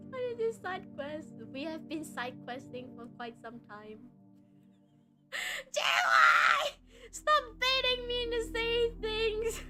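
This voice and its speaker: A young woman from Malaysia chatting casually on a live stream, excitable and often breaking into laughter. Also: sits high.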